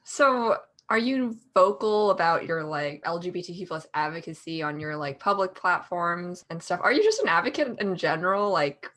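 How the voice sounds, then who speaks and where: A woman's voice: fairly low pitch, lively intonation, normal speed, hardly any pauses, fairly bright tone. A woman co-hosting a podcast in casual chat, reacting to the guest with enthusiastic exclamations. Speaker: podcast co-host.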